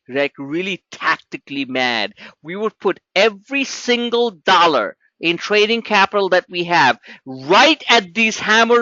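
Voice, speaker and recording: A man's voice: a little high, bright, forceful tone, no room sound, lo-fi sound. A man hosting a live trading webinar, talking emphatically and repeating himself as he walks viewers through charts. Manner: emphatic, repetitive, talks straight to viewers.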